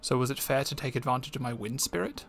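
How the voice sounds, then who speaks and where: A man's voice: medium pitch, quick pace, gravelly, fairly bright tone, soft background music. A man voicing an ancient, lonely male mountain spirit who speaks in a lofty, formal, scornful way.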